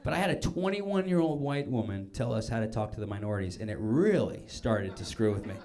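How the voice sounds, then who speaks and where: A man performing a stand-up set, mocking and animated. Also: mid-range voice, brisk. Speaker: stand-up comedian. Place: comedy club stage. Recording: club set with crowd noise. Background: audience crowd.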